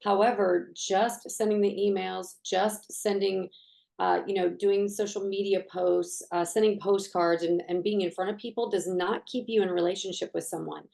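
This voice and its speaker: A woman's voice: mid-range voice, fairly even intonation, normal speed, creaky, darkish tone. A woman coaching in a direct, earnest way. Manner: earnest, direct, addresses listeners as y'all. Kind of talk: coaching talk.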